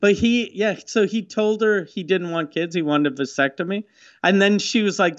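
Man co-host, crude mocking anecdotes, slightly high voice, dull lo-fi recording. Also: normal speed. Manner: profane, mocking storyteller. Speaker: podcast co-host. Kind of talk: casual podcast chat. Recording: muffled lo-fi audio.

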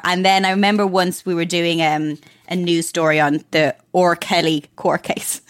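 An Irish woman hosting a casual interview, chatty and quick to laugh. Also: lowish voice, little pitch movement. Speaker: podcast host.

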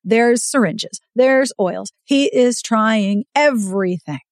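Speaking slowly in a voice on the high side, a woman co-hosting a podcast retells a novel in casual chat, performing the characters' quotes with animation and casual swearing. The recording is dry, clean studio sound.

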